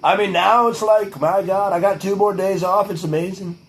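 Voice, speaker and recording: A man's voice: sits high, fairly even intonation, moderate pace, a little hiss or hum, low-quality recording. A young man vlogging in a loose, profane ramble who keeps repeating "truly" and slips into a mock-presidential cadence. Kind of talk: rambling casual monologue to camera.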